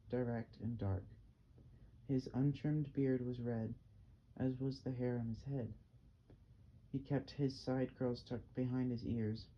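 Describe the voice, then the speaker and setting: A man reading a novel aloud for a homemade audiobook, mid-pitched and unpolished, now and then restarting a phrase. The recording is dull and lo-fi with a faint hiss underneath. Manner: plain amateur reading with small slips and restarts. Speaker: amateur audiobook reader.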